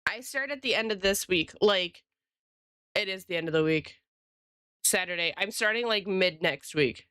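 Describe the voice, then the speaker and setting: Woman streamer, casual rambling chat with viewers, mid-pitched, crisp and clean. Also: lively intonation, normal speed, pushed and bright, no echo, studio quality. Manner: chatty, rambling, greets chat by name. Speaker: freelance illustrator and streamer.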